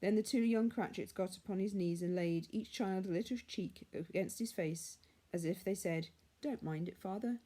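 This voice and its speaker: Hushed, mellow woman reading a classic story. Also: medium pitch, moderate pace, hardly any pauses. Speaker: reader.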